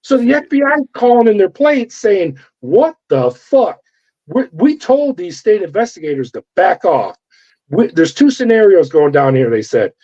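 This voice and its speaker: A man's voice: high voice, big pitch swings, normal speed, mellow. A middle-aged man from California, a former corrections officer, telling his story in an interview and acting out the voices of the people in it. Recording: dull lo-fi audio.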